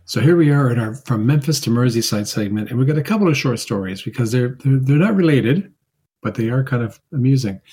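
Husky, lively music-show co-host. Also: male voice, mid-range voice, brisk. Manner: chatty, laughs, repeats himself. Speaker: podcast co-host. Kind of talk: casual chat.

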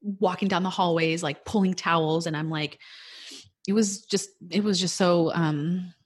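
A woman in her thirties telling her fertility story in a casual chat, animated and quick to quote what people said. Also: fairly low pitch, slightly rough.

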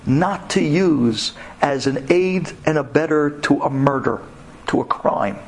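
A man's voice: fairly high pitch, a little slow. A middle-aged man tells an inspirational story to a women's audience, acting out the voices with big dramatic swings.

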